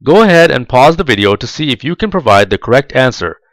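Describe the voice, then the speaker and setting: Animated man in dry instructional voice-over. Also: mid-range voice, no room sound, low-quality recording. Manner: slow, deliberate, clearly enunciated. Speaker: tutorial narrator for job applicants.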